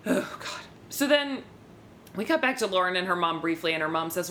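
Podcast co-host, woman, low voice, sarcastic casual recapper, light rumble behind. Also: lively intonation, brisk, fairly bright tone. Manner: sarcastic, swears, reads quotes from her notes.

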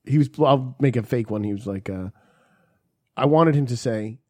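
A man co-hosting a podcast, telling crude stories in casual banter, laughing and mimicking others. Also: medium pitch. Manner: animated storyteller, quick laughs, mimics others. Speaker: podcast co-host.

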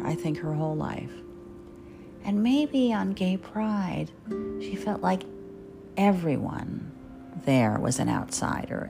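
A New Jersey woman in her fifties hosts a podcast, giving a candid, chatty and self-deprecating personal monologue. She speaks low with vocal fry, and guitar music plays behind her.

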